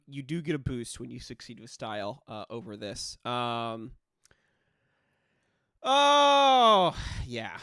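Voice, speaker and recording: A man's voice: mid-range voice, no room sound, studio quality. A man narrating as game master of a tabletop role-play game, talking casually with lots of fillers and restarts. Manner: casual, with frequent fillers and self-corrections.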